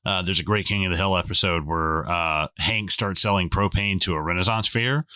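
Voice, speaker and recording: A man's voice: low voice, moderate pace, pushed and bright, clear, resonant tone, no room sound, studio quality. A man co-hosting a casual film-review podcast, joking and swearing his way through incredulous rants. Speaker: podcast co-host.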